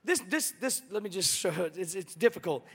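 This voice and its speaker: A male pastor delivers a sermon in a lively, conversational, joking manner. His very high, bright voice carries through a hall with a long reverb. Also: brisk, breathy edge.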